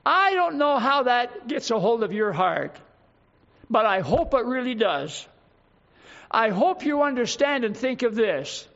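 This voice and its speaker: Delivering a sermon in a very high, fairly bright voice, an older man is extremely animated and fervent, drawing out emphatic phrases. The sound quality is dull and lo-fi.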